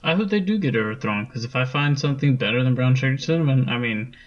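A man's voice: mid-range voice, animated, fast talker, highs cut off. A man co-hosting a podcast, talking in a laid-back, chuckling way as he walks through the bracket. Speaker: podcast co-host. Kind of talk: casual chat.

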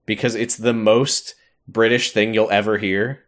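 A man's voice: fairly low pitch, little pitch movement, measured pace. A man cohosting a comedy podcast, retelling a TV episode in a jokey way and acting out characters in silly voices. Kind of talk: casual comedy recap chat.

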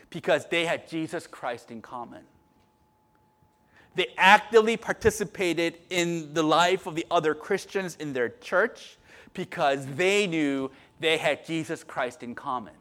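A middle-aged man preaches a sermon in a chatty, conversational way, with a voice pitched a bit high for a man. He keeps checking in with "right?", drops to soft asides, then climbs into loud, emphatic stretches. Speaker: pastor.

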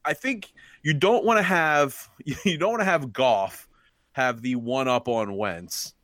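Male podcast co-host, mid pitch, dry studio sound, wry joking delivery. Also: slow, fairly bright tone, dry recording. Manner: sardonic, joking. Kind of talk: casual chat.

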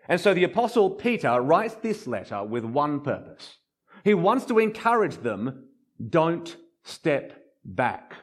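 Male preacher mid-sermon, lively swoops in pitch, hammers phrases by repeating them. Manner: emphatic repetition, drops low and slow on key phrases. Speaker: pastor.

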